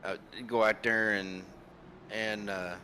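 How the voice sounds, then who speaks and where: A man's voice: on the low side, level tone, takes it slowly, bright, forceful tone, a little hiss or hum, poor audio. Rambling male co-commentator. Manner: rambling storyteller with many fillers. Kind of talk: casual chat.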